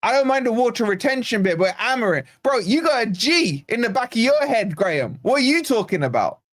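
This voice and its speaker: A man from Scotland hosting a live football watch-along, animated and nervous, reading out chat messages and gifts. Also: extremely high pitch, fairly quick. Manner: animated, excitable, reads chat aloud. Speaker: fan channel host.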